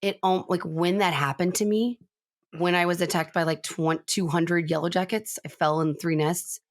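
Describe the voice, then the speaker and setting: Low-voiced chatty woman podcaster. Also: fairly even intonation, normal speed, no echo. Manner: rambling, self-interrupting, lots of "like". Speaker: podcast co-host. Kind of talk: casual chat.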